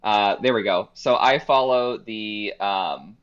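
A man guesting on a podcast, explaining his program in a relaxed, chatty way. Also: lowish voice, slow pace, smooth. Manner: relaxed, chatty, uses "like" and "um" a lot. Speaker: podcast guest, business coach. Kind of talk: casual interview chat. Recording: dull lo-fi remote call.

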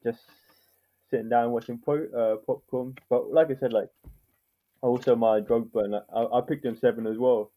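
A man's voice: mid-range voice, fairly even intonation, normal speed. Laid-back man over a tinny line. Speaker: podcast co-host. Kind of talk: casual football chat.

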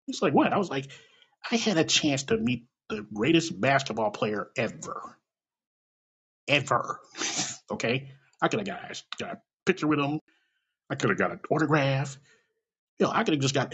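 Gravelly, husky man rambling a story. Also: on the high side, fairly quick, muffled recording. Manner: rambling, animated, swears often, acts out quoted voices. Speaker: storyteller on an audio app. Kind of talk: casual late-night storytelling monologue.

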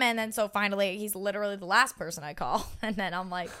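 A woman in her twenties casually telling a story on a podcast, animated and swearing freely as she acts out what people said. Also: mid-range voice, fast talker, clean tone. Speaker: podcast co-host.

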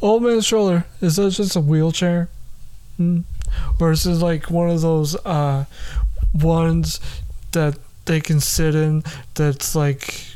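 A man's voice: on the high side, steady tone, slow, mellow, smooth. A man hosting a solo podcast from his bedroom late at night, rambling, swearing and mocking himself. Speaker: podcast host.

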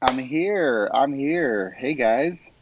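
A man appearing as a guest on a podcast who chats in a relaxed, enthusiastic way. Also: medium pitch, extremely slow, heavy background noise. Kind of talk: casual chat.

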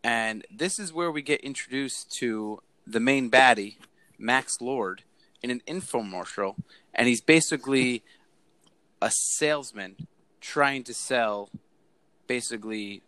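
A man hosting a casual movie discussion, retelling scenes in a lively way. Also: mid-range voice, a little slow, no room sound.

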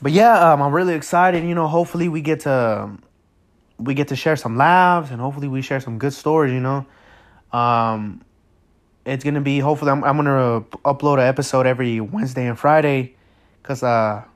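A man's voice: medium pitch, a little fast. A man hosting his own podcast, talking casually and straight to his listeners, rambling with lots of fillers and restarts. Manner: friendly, talks straight to listeners. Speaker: podcast host. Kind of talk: casual solo podcast intro.

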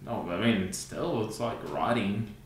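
A woman's voice: rumbling low, unhurried, slight background noise. A woman co-hosting a casual chat, dropping dry jokes and short replies. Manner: dry, joking interjections. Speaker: podcast co-host. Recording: very echoey room.

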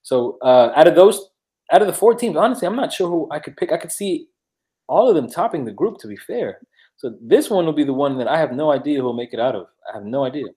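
A man co-hosting a sports podcast in casual chat, laid-back and quick to laugh, with many filler words. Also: fairly high pitch, expressive, warm tone. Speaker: podcast co-host.

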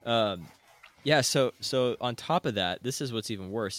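A man's voice: medium pitch, animated, moderate pace, fairly bright tone, no echo, clean studio sound. A man on a casual gaming podcast, ranting and swearing constantly.

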